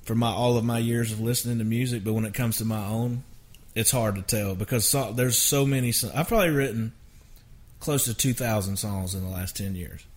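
A middle-aged man, a songwriter telling rambling, animated anecdotes in a casual interview. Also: on the low side, fairly quick. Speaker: songwriter guest.

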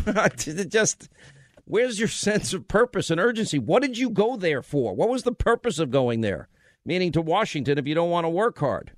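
A man hosting a talk radio show from a studio, ranting in a forceful, exasperated way into a studio mic. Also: high-pitched, sing-song, moderate pace, dry recording. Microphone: studio microphone.

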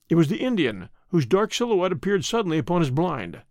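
A man narrating a story in an expressive storytelling manner. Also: a little high, brisk, hardly any pauses, dry recording, clean studio sound. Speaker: audiobook narrator. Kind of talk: scripted narration.

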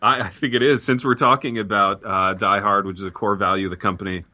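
A man with a low, bright, forceful voice trades improvised jokes on a comedy podcast. He keeps up a playful, deadpan mock-advertising tone while riffing with his co-host. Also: fast talker.

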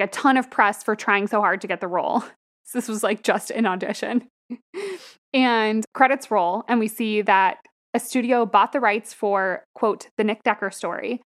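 A woman's voice: mid-range voice, moderate pace. A young woman co-hosting a podcast, casually recapping a film plot and laughing often as she talks. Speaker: podcast co-host. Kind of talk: casual movie review chat.

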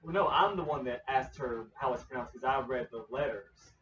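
A man's voice: medium pitch, normal speed, fairly bright tone. A man in casual chat, insistent and repeating himself as he argues his point. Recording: roomy, distant, dull sound with faint noise.

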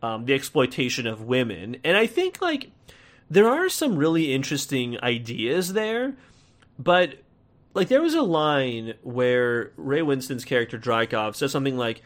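A man's voice: mid-range voice, big pitch swings, unhurried. Rambling American man reviewing a film. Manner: rambling, chatty, frequent fillers and restarts, wry laughs. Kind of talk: casual film review talk.

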